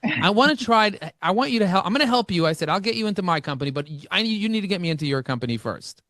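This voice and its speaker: Animated high-voiced man telling stories. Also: rapid-fire, no echo, studio quality. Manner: animated, acts out dialogue with shifting voices. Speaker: podcast guest, marketing expert. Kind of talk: energetic interview storytelling.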